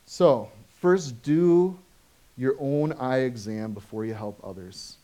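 A man preaching a sermon as pastor, conversational and full of questions to the congregation, swinging from animated stories to soft, low asides. He has children of his own. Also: takes it slowly. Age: adult, has children.

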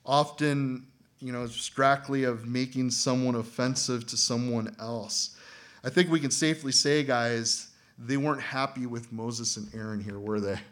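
Conversational man preaching a sermon. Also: mid-range voice. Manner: conversational, laughs often, acts out quoted voices loudly. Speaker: pastor.

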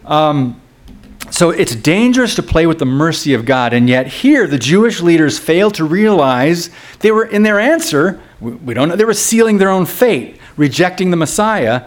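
A man with a somewhat high voice preaches a sermon in an easygoing, conversational way. He laughs at his own asides and often restarts his sentences. When he quotes scripture or voices a crowd, his pitch jumps up sharply. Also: big pitch swings, normal speed. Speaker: pastor.

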